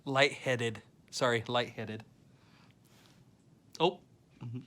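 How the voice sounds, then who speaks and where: Playful dad joking behind the camera. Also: male voice, medium pitch, normal speed, fairly bright tone. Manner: playful, teasing, laughs often. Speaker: father filming a vlog. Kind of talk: casual joking vlog. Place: hospital room. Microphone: phone camera he holds.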